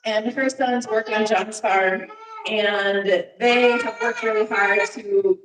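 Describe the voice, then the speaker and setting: A woman's voice: mid-range voice, fairly even intonation, background noise. Woman speaking from afar in a roomy church. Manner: halting, with frequent fillers. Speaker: speaker presenting slides at a church service. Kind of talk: informal presentation to a congregation. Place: church sanctuary. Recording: roomy, distant church sound.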